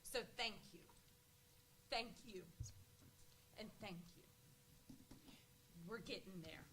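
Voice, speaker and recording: A woman's voice: mid-range voice, slow, pushed and bright, a little hiss or hum, poor audio. A woman speaking as a school board member, passionate and rousing in a public meeting.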